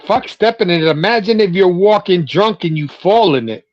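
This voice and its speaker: A man's voice: high voice, animated, normal speed, dry recording. A man co-hosting a sports podcast in casual chat, blunt and teasing, with lots of swearing. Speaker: podcast co-host. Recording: dry, dull lo-fi sound.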